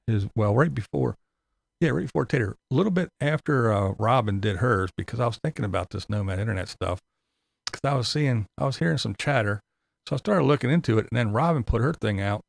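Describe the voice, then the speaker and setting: A man's voice: mid-range voice, expressive, fairly quick, vocal fry, no echo. A man giving a sarcastic, profane ranting commentary as a YouTube commentator.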